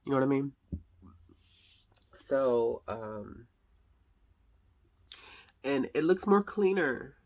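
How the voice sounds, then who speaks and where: A woman vlogging casually to camera, chatty and expressive, often calling viewers honey. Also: rumbling low, extremely slow, long pauses.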